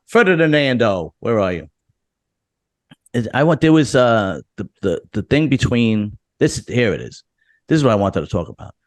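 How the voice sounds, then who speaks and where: Low-voiced guy riffing casually. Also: dry recording, studio quality. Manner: loose, swearing, jokey, frequent restarts. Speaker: podcast host. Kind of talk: casual locker room chat.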